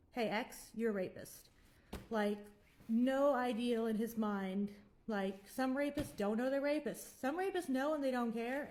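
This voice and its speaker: A woman's voice: a little high, a little mellow. A woman in her twenties telling her own story frankly and giving blunt advice, rambling at times. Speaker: vlogger. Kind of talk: candid personal storytelling with advice.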